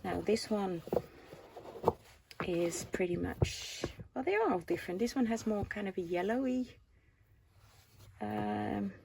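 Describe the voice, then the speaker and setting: A Dutch woman in her forties talks casually through her craft haul at home, mid-pitched and easygoing. She turns often to the viewers with a quick question and a soft laugh. Faint background hiss sits under her voice. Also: creaky. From Netherlands. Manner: chatty, asks viewers questions, laughs softly. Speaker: craft vlogger. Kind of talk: casual show-and-tell chat.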